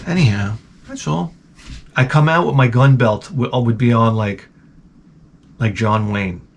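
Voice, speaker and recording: Speaking a little slowly with vocal fry and frequent pauses, this channel host, a man of medium pitch, spins meandering, foul-mouthed comic tales in a loose rant. He keeps interrupting himself, and there's slight background noise.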